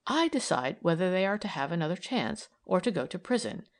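A woman's voice: fairly low pitch, a little fast. Woman voicing an earnest idealistic young woman. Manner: eager, persuasive, animated.

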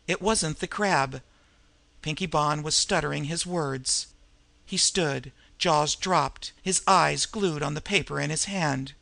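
A man reads a crime novel aloud in a steady, measured way. His voice is gravelly with a bright, sharp edge and sits slightly high. The sound is close and dry. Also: no echo. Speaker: audiobook narrator. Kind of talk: audiobook narration of a crime novel.

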